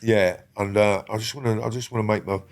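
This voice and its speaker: A man's voice: lowish voice, steady tone, fast talker, a little hiss or hum. An older man, a guest on a podcast, talking bluntly with constant swearing and rambling restarts. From England. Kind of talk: casual interview talk.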